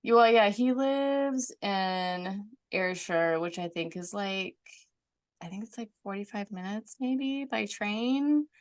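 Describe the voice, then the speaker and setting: A woman's voice: mid-range voice, expressive, takes it slowly. Chatty woman guest, lots of fillers. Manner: chatty, many "like" fillers, laughs often. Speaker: author guest. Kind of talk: casual conversation.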